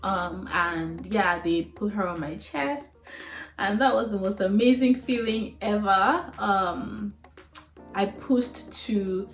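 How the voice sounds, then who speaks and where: A woman's voice: mid-range voice, takes it slowly. A young woman vlogger telling a personal story in a candid, chatty way, full of fillers and frank asides. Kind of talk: casual storytelling to camera. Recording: roomy echo with faint music.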